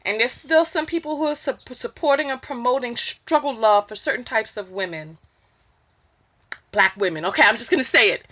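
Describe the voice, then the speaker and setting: Bright-voiced emphatic New York woman. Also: fairly high pitch, moderate pace. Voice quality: emphatic, animated, rising to near-shouts when indignant. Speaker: vlogger. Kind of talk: candid opinion vlog.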